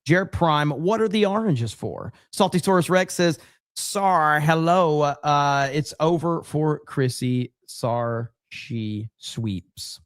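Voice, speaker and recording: A man hosting a livestream, reading viewer messages aloud in loose, profane casual chat. His voice sits slightly high, and the sound is dry and close. He laughs often between reads. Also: slow, smooth, no echo. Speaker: livestream host.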